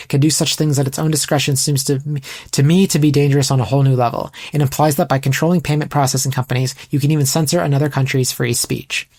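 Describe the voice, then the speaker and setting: A man from Canada hosting a casual podcast, reading news quotes aloud with quick asides. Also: fairly high pitch, darkish tone. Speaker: podcast host.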